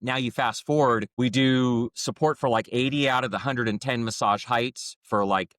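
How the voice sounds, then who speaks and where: A man's voice: medium pitch, moderate pace, no echo, clean studio sound. A man hosting a podcast, telling a story in a casual, chatty way and acting out the dialogue. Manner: chatty, acts out quoted dialogue with lively voices. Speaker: podcast host.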